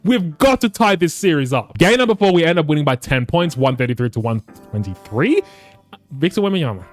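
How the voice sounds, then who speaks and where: A man commentating his basketball video game for his viewers, excitable and swearing often, calling them boys. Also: fairly high pitch, fairly quick, faint music behind. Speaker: gaming YouTuber.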